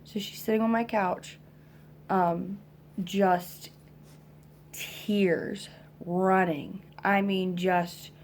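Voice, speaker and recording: A mother venting about her kids in a rambling, halting way, exhausted, with lots of fillers, at home. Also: medium pitch, fairly even intonation, slight background noise.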